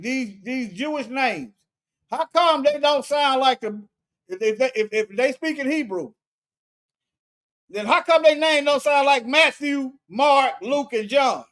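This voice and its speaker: A man with a notably high voice works slowly through scripture in an unhurried, casual study. His speech is colloquial and loose, and he repeats and restarts phrases as he checks word meanings and reasons things out aloud. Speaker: Bible study teacher.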